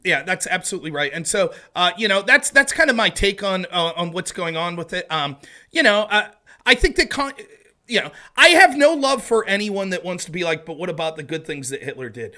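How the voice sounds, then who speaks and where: A man's voice: high-pitched, big pitch swings, normal speed, bright, forceful tone. A man hosting a casual podcast chat, talking in a jokey, self-deprecating way. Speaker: host.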